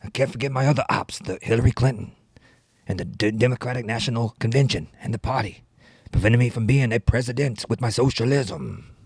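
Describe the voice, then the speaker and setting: A man's voice: mid-range voice, brisk, a little mellow, husky, no room sound. A man putting on an older male politician who raps in a ranting, emphatic, preachy way. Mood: indignant.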